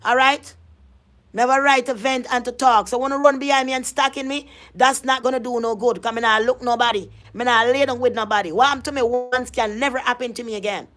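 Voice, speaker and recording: A woman's voice: on the high side, fairly even intonation, fairly quick, a bit bright. An adult woman, ranting in a vlog monologue, emphatic and confrontational, often repeating herself. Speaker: vlogger.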